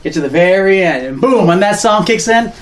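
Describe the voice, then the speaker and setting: A man's voice: high-pitched, a little fast, a crowd in the background. A man co-hosting a podcast in casual, slangy chat, acting out little voices and laughing as he tells stories. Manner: animated, slangy, acts out voices and laughs often. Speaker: podcast co-host.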